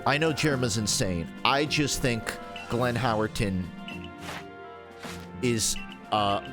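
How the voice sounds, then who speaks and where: A man's voice: mid-range voice, takes it slowly, over music. Rambling, profane male streamer. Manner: rambling, profane storytelling with laughs. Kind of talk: casual livestream chat while gaming.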